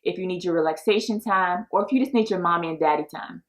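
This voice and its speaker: A woman's voice: fairly low pitch, fast talker. A woman in her thirties hosting a podcast, talking casually in an upbeat, encouraging way and laughing often. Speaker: podcast host. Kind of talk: casual solo podcast talk.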